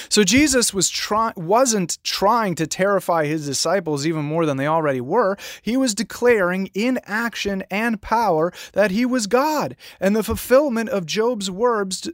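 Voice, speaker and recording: Male pastor from New Jersey, higher voice, dramatic sermon delivery, dry close mic. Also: no echo. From New Jersey, USA. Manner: dramatic storytelling delivery, slowing and dropping low on key words.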